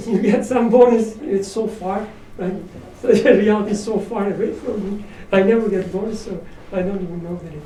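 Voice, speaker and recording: Speaking at normal speed with hardly any pauses, a mellow man with a high-pitched voice leads an informal religious study circle. His tone is reflective and self-deprecating, with light laughter, heard through a distant mic with roomy echo and faint room noise.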